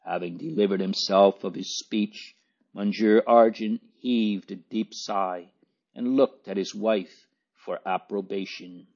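A man narrating an audiobook in a measured, unhurried reading style. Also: on the low side, fairly even intonation, a little mellow. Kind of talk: scripted narration. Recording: dull lo-fi recording.

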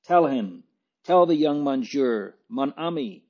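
A man voicing an excitable, warm-hearted landlady, emphatic and near tears, on a dull lo-fi recording. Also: medium pitch, a little slow, natural voice. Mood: fervent.

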